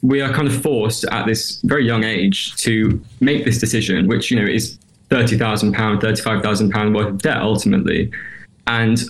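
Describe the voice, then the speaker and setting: A man's voice: lowish voice, steady tone, moderate pace. A young man in his twenties, a student guest on a radio show, speaking thoughtfully with many hedges. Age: 20s. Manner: thoughtful, hedging with you know and I guess. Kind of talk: radio interview.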